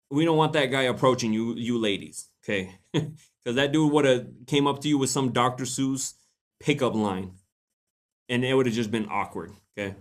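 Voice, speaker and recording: A young man chats his way through a livestream, animated and quick to laugh, with a voice that sits in an ordinary middle pitch. He talks casually and swears freely as he reacts to what he reads. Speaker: host reading posts on a livestream.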